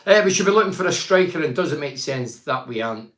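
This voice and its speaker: A man's voice: on the high side, expressive, quick pace, fairly bright tone, roomy sound. An older man from Teesside, hosting a casual chat show, reads out viewer comments and gives blunt, rambling opinions. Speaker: host reading viewer comments.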